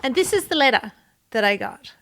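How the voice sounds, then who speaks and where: Chatty woman vlogger, slightly high voice. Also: big pitch swings, a little fast, a bit bright, a little hiss or hum. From non-US, immigrant to the USA. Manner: chatty and playful, with dry asides and whispered jokes. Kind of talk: casual personal vlog narration.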